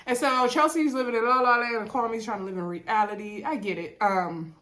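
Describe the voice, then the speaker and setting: A woman's voice: a little high, a little fast. A woman with a cold, casually recapping a reality TV episode in a loose, chatty way, full of "y'all" and fillers. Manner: relaxed Southern-leaning casual talk with fillers and "y'all". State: congested from a cold.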